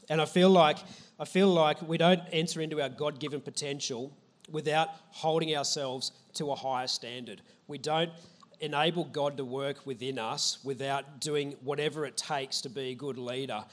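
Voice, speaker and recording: A man giving a casual, conversational sermon in a church, chatting with the audience and poking fun at himself. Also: mid-range voice. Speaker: preacher. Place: church hall with a live audience.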